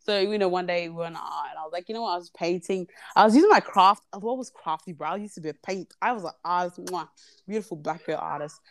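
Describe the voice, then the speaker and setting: A woman's voice: on the low side, fast, hardly any pauses. A young woman guest chatting on a podcast, telling a story animatedly and swearing freely. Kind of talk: casual chat, storytelling.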